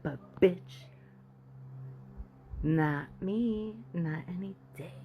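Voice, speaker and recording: A woman's voice: fairly low pitch, drawn-out words, phone-quality sound, a little hiss or hum. A woman telling a casual storytime monologue, blunt, profane and candid, sometimes dropping suddenly into a whisper. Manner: animated, with sudden drops to a whisper.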